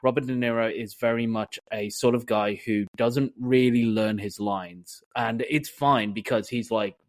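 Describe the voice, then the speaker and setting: A man's voice: mid-range voice, measured pace, no echo, clean studio sound. A British man co-hosting a casual film podcast, chatting animatedly and acting out his reactions. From Britain. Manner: animated, acts out reactions and jokey voices. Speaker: podcast co-host. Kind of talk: casual film-talk chat.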